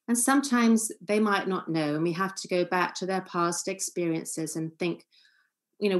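Calm lecturing woman, low-toned. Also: normal speed. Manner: calm, earnest, acts out short example lines. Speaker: family therapist giving a seminar talk. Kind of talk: seminar lecture.

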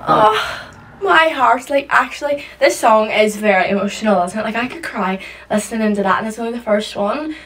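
Bright, gushing young woman vlogger. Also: fairly high pitch, expressive, fairly quick, far from the mic. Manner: chatty, gushing and emotional. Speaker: reaction channel host. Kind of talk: casual reaction vlog chat. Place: room at home with skylight window.

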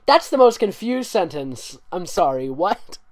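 A man's voice: sits high, big pitch swings, a little slow. A man doing a comedic reading of a bad fan story, mocking it with sarcastic asides that swing from mumbles to outbursts. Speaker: fanfic reader and voice actor. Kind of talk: comedic dramatic reading with commentary.

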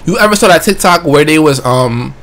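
A man's voice: on the high side, lively intonation, fairly quick, a bit bright. A young man roasting his friend in casual livestream banter, insisting and repeating himself. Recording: faint background hiss.

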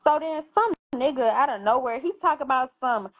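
A woman's voice: high voice, normal speed. A young woman on a phone livestream, casually telling a story with lots of swearing and acting out every quoted line. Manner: animated, profane, acts out quoted dialogue. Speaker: livestream host. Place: bedroom.

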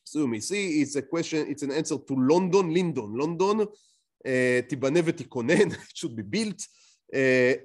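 Male lecturer, fairly high, very lively pitch, asks the class questions as he explains. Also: fairly quick. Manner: explains with rhetorical questions, frequent restarts. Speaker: teacher.

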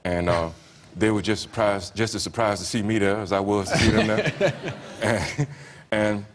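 Southern US man in his 40s, talk-show guest; lowish voice, relaxed wry delivery, hesitant fillers. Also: a little slow. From Georgia, US. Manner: laid-back, wry, often laughing, many fillers. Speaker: comedian guest. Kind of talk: anecdotal talk-show storytelling.

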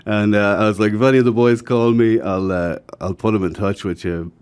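A man with an Irish accent, speaking in a fairly low, clean-toned voice at a brisk clip. He's a guest telling stories frankly in casual conversation, growing animated as he acts out the people he quotes.

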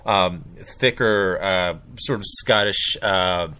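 A man from Philadelphia interviewing a guest in a relaxed, halting way, often laughing along. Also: sits low, clear, resonant tone. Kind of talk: casual interview chat.

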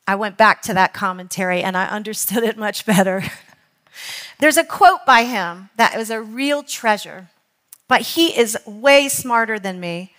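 Woman, church teaching, earnest, reads quotes slowly, medium pitch. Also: a bit bright. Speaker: Bible study teacher. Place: church hall.

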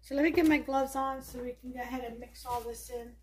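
Over a noisy background, a woman with a high, steady voice and a New York accent talks fast while hosting a casual cooking demonstration at home. Her chatty delivery is full of fillers as she thinks out loud.

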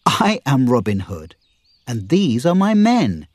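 A confident, playful outlaw leader speaks with lively, rising and falling tones, read by a male narrator. The voice is husky and dry, recorded close up. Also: mid-range voice, takes it slowly, no echo, heavily acted. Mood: pleading.

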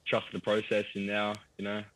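Young aussie guy, really low voice but bright and forceful, laid back in a tv chat. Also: moderate pace, low-quality recording. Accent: Australian. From Australia. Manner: easygoing, laughs often, relaxed fillers. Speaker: actor guest. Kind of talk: casual TV interview.

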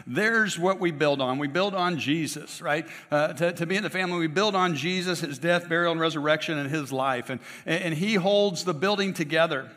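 A man's voice: on the high side, moderate pace, pushed and bright, in a large hall. A man preaching a sermon in a conversational way, often checking in with rhetorical tag questions and adding playful asides. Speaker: pastor. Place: church sanctuary.

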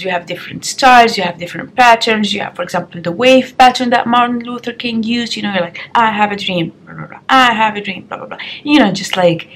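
A woman's voice: medium pitch, slight background noise. A young woman vlogging frankly and chattily as she does her makeup at home, recorded on the compact camera's built-in mic. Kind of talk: get-ready-with-me advice vlog.

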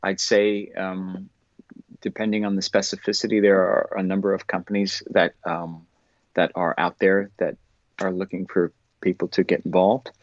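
Thoughtful low-voiced man, dull sound. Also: little pitch movement, moderate pace, no room sound. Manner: thoughtful, earnest, searching for words. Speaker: actor, podcast guest. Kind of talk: casual interview answers.

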